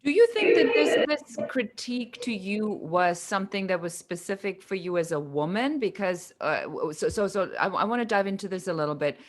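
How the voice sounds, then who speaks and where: Low-voiced German-accented woman host. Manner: probing, encouraging, many repeated words. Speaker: host and coach. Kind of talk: casual video-call discussion.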